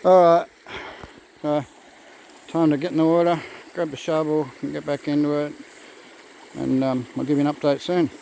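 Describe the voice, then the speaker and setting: A man's voice: fairly high pitch, little pitch movement, normal speed, creaky, long pauses, mellow, low-quality recording. A man chatting casually into a phone camera outdoors by a creek, rambling and talking to his dogs. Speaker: vlogger. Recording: faint outdoor background noise. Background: faint outdoor nature sounds.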